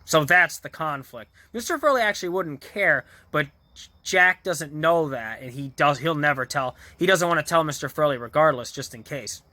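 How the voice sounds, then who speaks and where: A man's voice: fairly high pitch, expressive, moderate pace, sharp tone, dry recording. A man vlogger casually retelling a TV episode in a rambling way, full of fillers, restarts and small chuckles. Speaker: vlogger reviewing a TV show.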